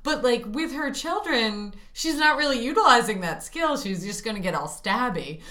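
A woman's voice: a little high, expressive, normal speed, sharp tone. A woman co-hosting a podcast, chatting casually with wry, slangy remarks. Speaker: podcast co-host. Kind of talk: casual chat.

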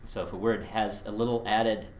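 A man with a fairly low voice leads a teaching workshop, talking in a relaxed, chatty way and chuckling often. He explains with spoken examples. The echoey room adds a faint hum behind him. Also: normal speed. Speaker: Latin teacher. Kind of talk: workshop presentation.

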